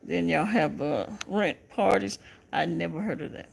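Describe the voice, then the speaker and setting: A woman's voice: on the low side, normal speed, gravelly, slight background noise. A Southern American woman hosting a casual livestream, laughing often and teasing her viewers as she reads their comments. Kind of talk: casual live chat.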